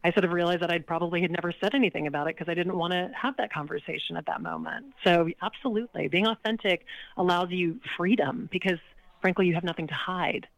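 A woman from Louisiana, a charity auctioneer, telling stories as a guest in a podcast interview with confident, animated delivery. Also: fairly low pitch, fast talker, creaky, no echo, lo-fi sound. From Louisiana, USA.

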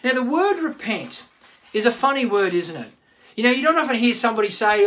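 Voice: medium pitch, fairly quick. A pastor giving a sermon, asking the congregation rhetorical questions. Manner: animated preaching with rhetorical questions.

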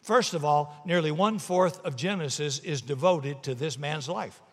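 A male pastor preaching a sermon, telling stories and shifting between loud and hushed delivery. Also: on the high side, moderate pace, in a large hall.

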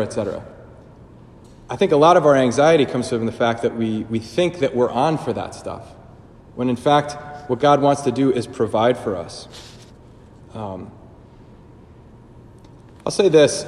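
A man's voice: mid-range voice, darkish tone. Man preaching casually in a reverberant church. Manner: casual, conversational preaching with fillers and asides. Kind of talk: sermon.

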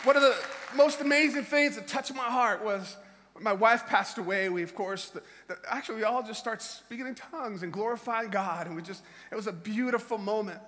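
A middle-aged man preaching a sermon, impassioned and shouting exhortations with chuckles in between. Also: high voice, brisk, some chatter behind. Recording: reverberant hall.

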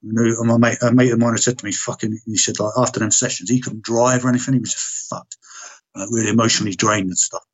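Man, husky, blunt storyteller, swears a lot and acts out old conversations. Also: mid-range voice, steady tone, fast talker. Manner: blunt, heavy swearing, reenacts dialogue. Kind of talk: casual storytelling chat.

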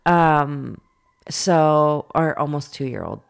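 Low gravelly woman telling a story. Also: extremely slow. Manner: profane, animated storytelling with many fillers. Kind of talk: casual storytelling chat.

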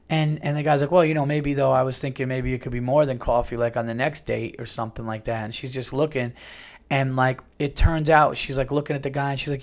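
A man tells a story on his podcast in a loose, chatty way. He rambles, restarts and fills gaps with "like" and "you know", and his voice is mid-pitched. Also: fast talker. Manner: animated retelling with many fillers and restarts. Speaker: podcast host. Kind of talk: casual storytelling.

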